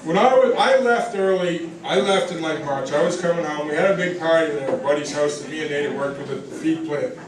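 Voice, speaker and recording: A man's voice: on the high side, brisk, hardly any pauses. A man giving a roast speech for a friend, telling rambling anecdotes, laughing at his own stories and swearing often. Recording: echoey room, recorded from far off, background noise.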